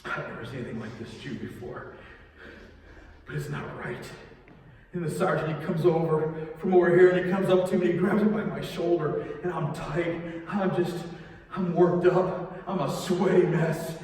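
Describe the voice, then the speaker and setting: Older cross builder, rough and guilt-ridden, played by a man; a higher voice, broken phrasing, distant and echoey. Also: a little mellow, slight background noise, lightly acted. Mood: shaken. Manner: halting, emotional, restarts and nervous laughs. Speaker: church drama performer. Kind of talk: first-person dramatic monologue. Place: large echoey church sanctuary. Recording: echoey hall from far off.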